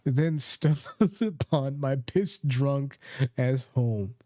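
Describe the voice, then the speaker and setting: A man's voice: medium pitch, takes it slowly, darkish tone, dry recording, clean studio sound, lightly acted. A man reading out a post in a put-on posh British accent, mock-formal. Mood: mock-earnest. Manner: mock-formal, breaking into laughter.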